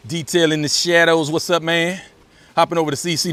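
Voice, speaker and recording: A man live-streaming a relaxed walk outdoors by a beach, chatting casually and thanking viewers over and over. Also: on the high side, a little fast. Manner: laid-back, thanks viewers for donations, repeats phrases. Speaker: live-streaming walking vlogger.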